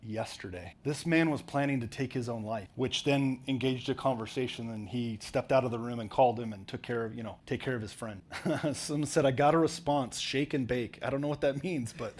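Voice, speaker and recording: A man's voice: mid-range voice, a little hiss or hum. A man giving a motivational business talk on stage to a live audience, directive and full of stories. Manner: animated, directive, storytelling. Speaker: business coach speaking on stage. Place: conference hall with audience.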